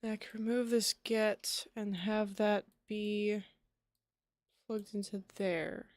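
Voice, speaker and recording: A woman's voice: medium pitch, flat delivery, takes it slowly, no room sound, studio quality. A woman streamer chatting casually with her viewers while she codes, half muttering to herself as she works. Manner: muttering to herself while working, then bursting into laughter. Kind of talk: casual live-stream chat while coding.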